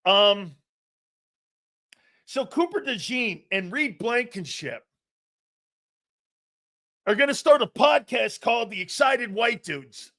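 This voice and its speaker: A middle-aged man with a high voice hosts a live sports talk stream. He jokes, laughs and bursts out loudly as he reacts to viewer chat, with plenty of fillers. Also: takes it slowly, pauses often. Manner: excitable and jokey, loud outbursts, frequent laughs and fillers. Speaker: sports talk show host.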